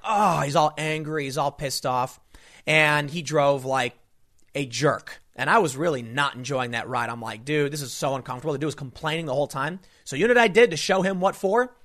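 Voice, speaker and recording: A man's voice: fairly high pitch, fairly bright tone. A man giving an emphatic, indignant opinion monologue, telling stories with frequent restarts. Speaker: political commentator.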